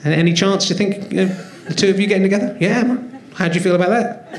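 A high-pitched man hosts a live comedy podcast, teasing and riffing on the people in the front rows. His voice rings through a roomy theatre. A laughing crowd is heard behind him. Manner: teasing, self-mocking, quick to riff on the crowd. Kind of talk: live stand-up banter with the audience. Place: theatre stage with a live audience. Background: audience laughter.

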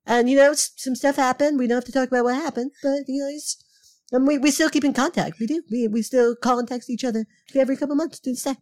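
A woman on a comedy podcast doing an impression of a boastful male politician, rambling and repeating herself with halting restarts. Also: high-pitched, fairly even intonation, a little mellow, lightly acted.

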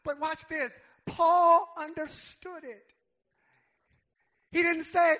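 A man's voice: extremely high pitch, little pitch movement, takes it slowly, pauses often, sharp tone. A male pastor preaching a sermon, emphatic, repeating words and calling on the congregation to answer back.

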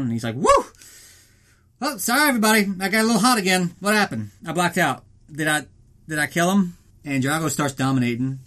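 A man hosting a podcast, recapping a film in a casual, profane and sarcastic way, often slipping into silly voices. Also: medium pitch. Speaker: podcast host.

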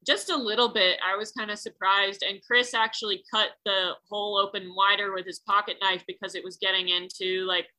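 Woman, bright tense voice, casual chat, rambling storyteller, filler-heavy, swears a lot. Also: mid-range voice, steady tone, a little fast, few pauses, rough recording.

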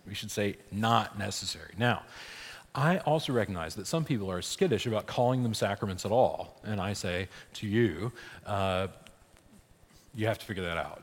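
Priest guy teaching catechism, lowish voice, loose and chatty, big echoey hall. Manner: conversational, frequent "right?" checks, laughs, restarts. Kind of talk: informal church class teaching. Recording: long hall reverb.

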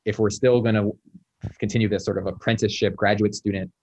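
A man's voice: lowish voice, level tone, fast talker, a little mellow. A man who is a postdoctoral researcher, explaining lab work in casual conversation in a wry way. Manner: explanatory, wry, many fillers.

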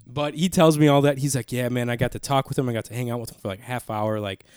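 A man's voice: medium pitch, fast talker, clear, resonant tone, no echo. Young dude podcast host rambling, cussing, doing the other guy's lines, dry close mic. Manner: rambling storyteller, swears a lot, animated when quoting others. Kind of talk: casual chat. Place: small podcast studio. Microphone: studio mic.

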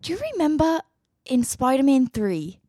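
A woman with an Australian accent playing another woman's brain in a comedy sketch, rambling, apologetic and quick to spiral into anxious tangents. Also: high-pitched, lively intonation, mellow, no room sound, studio quality. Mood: chatty. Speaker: sketch performer.

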